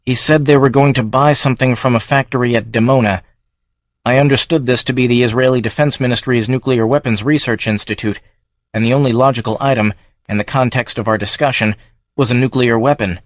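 A man's voice: medium pitch, steady tone, brisk, no echo, clean studio sound, close to an everyday voice. A male narrator voicing a nervous government aide who answers formally and carefully under questioning.

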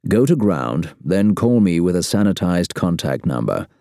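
A man reading an audiobook plays a cold male spy chief who speaks in a terse, measured, flat way. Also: sits low, creaky, no echo, clean studio sound. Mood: mild.

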